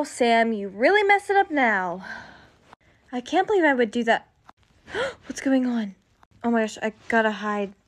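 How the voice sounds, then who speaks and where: A young woman voicing all the teen characters of a cartoon story, excitable and dramatic. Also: on the high side. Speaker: voice-over storyteller.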